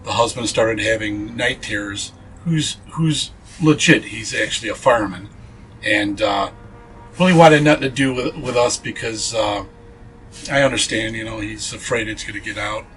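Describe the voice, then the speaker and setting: A man's voice: fairly low pitch, moderate pace, a bit bright, faint music behind, low-quality recording. A man being interviewed as a paranormal investigator, telling a ghost story earnestly, with many fillers and restarts.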